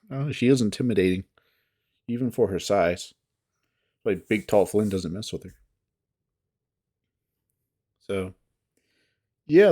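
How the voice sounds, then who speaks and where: A man's voice: mid-range voice, a little mellow. A man who reads visual novels, talking casually to his viewers in a rambling, hesitant, self-deprecating way. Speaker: visual novel reader and voice actor.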